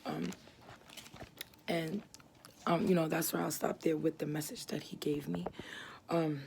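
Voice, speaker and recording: Brief: young woman, low, flat, gravelly voice, earnest halting religious testimony. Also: slight background noise. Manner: earnest, halting, many fillers and restarts. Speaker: ministry founder giving testimony.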